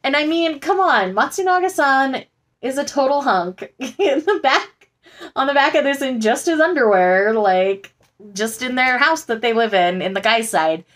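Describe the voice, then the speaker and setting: A woman's voice: high voice, animated, a little slow. A woman vlogger chatting casually and gushingly about the books she just bought, with frequent fillers. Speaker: book vlogger. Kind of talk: casual haul chat.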